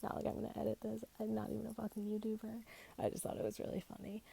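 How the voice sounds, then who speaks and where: A woman's voice: mid-range voice, completely flat delivery, very fast, vocal fry, mellow, husky. A teenage woman from Connecticut rambling through a casual storytime rant on a headphone mic, swearing constantly and making fun of herself. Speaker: vlogger.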